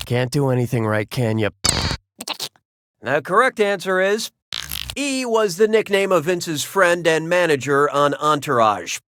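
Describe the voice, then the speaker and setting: A man's voice: a little high, big pitch swings, measured pace, sharp tone, no echo, heavily acted. A man voicing a wisecracking quiz show host who reads trivia questions with snarky, mocking punchlines. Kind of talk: scripted game show hosting.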